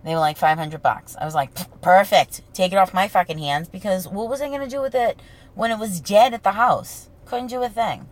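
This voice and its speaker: A brash, profane woman with a thick Boston accent and a gravelly voice hosts her own podcast, telling stories in a casual solo monologue. She speaks at medium pitch and a little fast.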